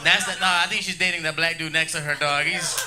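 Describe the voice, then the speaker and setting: A man's voice: on the high side, steady tone, fast talker. A man doing a crude, rambling stand-up set on a comedy club stage, laughing through his jokes. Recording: noisy live club room.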